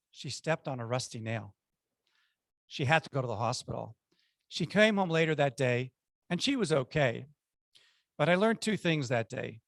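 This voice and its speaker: A man's voice: a little high, a bit bright, no room sound. A man giving a prepared club speech, telling childhood stories with punchy numbered lessons.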